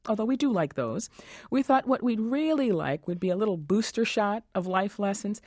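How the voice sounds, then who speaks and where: A woman's voice: on the low side, a little mellow, no echo. Polished woman radio host, dry studio sound. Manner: polished, measured broadcaster delivery. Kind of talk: hosting a studio panel discussion. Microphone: studio microphone.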